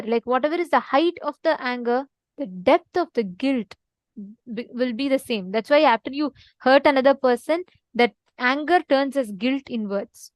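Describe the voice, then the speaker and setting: A woman's voice: high voice, no room sound. A woman giving an earnest, repetitive spiritual talk to an online audience and prompting her listeners to respond. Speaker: spiritual teacher in an online session.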